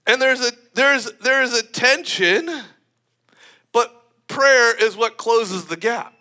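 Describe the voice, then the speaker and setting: A man preaching a sermon in an animated, emphatic way, often breaking into laughter. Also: very high voice, takes it slowly.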